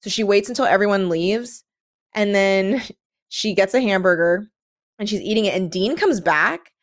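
A woman co-hosting a casual chat, retelling a story with lots of "like" and quick voiced asides. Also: mid-range voice, animated. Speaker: podcast co-host. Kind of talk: casual chat recapping a book.

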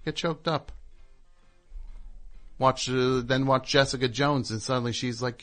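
Male radio host from New Jersey, mid-pitched voice, deadpan and sarcastic, rambles through comic stories. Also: a little slow, pauses often, faint music behind. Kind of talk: comic call-in show monologue.

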